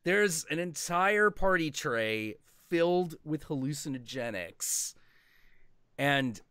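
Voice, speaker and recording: Animated, profane man telling stories. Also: on the high side, takes it slowly, clear, resonant tone, no echo, studio quality. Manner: profane, rambling storytelling with mock-quoted voices. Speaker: stream host. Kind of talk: casual chat.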